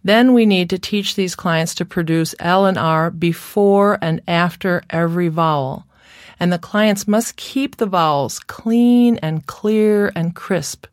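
In a studio-quality recording with no room sound, a woman with a lowish voice lectures on speech therapy. Her narration is scripted and instructional, delivered slowly and carefully as she demonstrates sounds.

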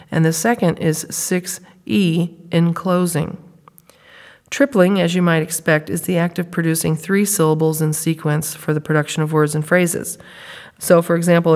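Lower-pitched female instructor, measured lecture delivery with sounded-out examples, long reverb on the recording. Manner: clear, measured explaining, sounding out child speech examples. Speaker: speech therapy instructor.

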